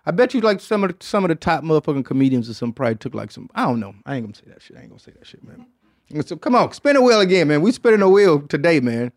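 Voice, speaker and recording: A man's voice: a little high, very animated, racing, hardly any pauses. A man from Detroit hosting a podcast in casual chat, rambling and slangy and swearing often, with "man" at the end of many lines. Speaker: podcast host.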